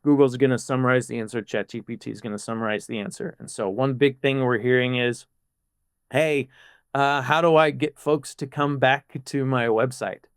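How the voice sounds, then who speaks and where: A man, a product manager, explaining ideas in a casual podcast chat with quick animated bursts. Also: mid-range voice, smooth, dry recording, clean studio sound.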